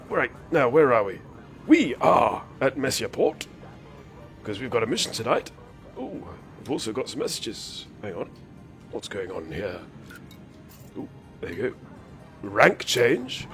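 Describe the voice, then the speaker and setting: A man chatting through a game stream, rambling and whimsical, a bit ill and hyper. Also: medium pitch. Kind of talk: casual live-stream commentary. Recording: faint game music behind.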